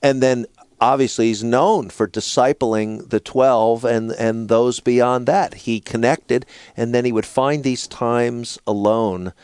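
A middle-aged man telling stories in a relaxed conversation as a guest, sometimes slipping into a squeaky toddler voice. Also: takes it slowly, clean tone, no echo. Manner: animated storyteller, mimics a toddler in a high squeaky voice. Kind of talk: conversational storytelling.

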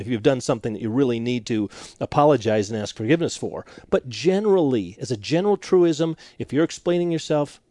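A man speaking as a marriage counselor guest on a radio show, animated and acting out quoted couples. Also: medium pitch, no echo, studio quality. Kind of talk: radio interview conversation.

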